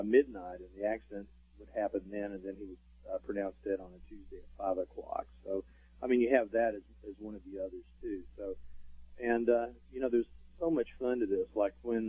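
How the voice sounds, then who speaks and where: A man's voice: fairly low pitch, steady tone, fairly quick, husky, dry recording. A man, a radio show guest, telling stories in casual interview talk with lots of fillers. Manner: rambling storyteller, many fillers. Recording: tinny phone line.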